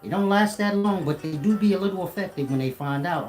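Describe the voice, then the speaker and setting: Man, casual rant, profane and confrontational, echoey room, soft guitar faintly behind. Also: high voice, fairly quick. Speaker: commentator. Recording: roomy echo.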